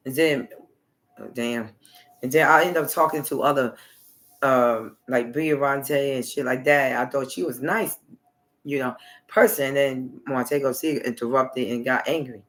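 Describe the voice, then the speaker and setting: Unhurried and pausing often, this livestream host speaks in a steady, medium-pitched voice with a bit of brightness. He rambles repetitively through his monologue and frequently leaves sentences unfinished.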